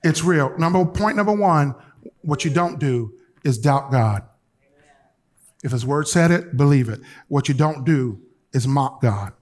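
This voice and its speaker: A bishop preaches to his congregation in a man's voice that sits on the high side, taking his time. He tells stories sprinkled with colloquial asides, swinging between loud, lively passages and quiet, hushed urging.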